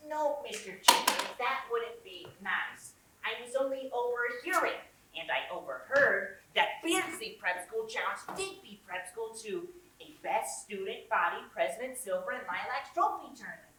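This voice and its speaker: A woman's voice: a little high, expressive, normal speed, pushed and bright. A woman acting a nervous, eager schoolboy sidekick on stage who stammers and hesitates. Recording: echoey hall from far off, faint noise.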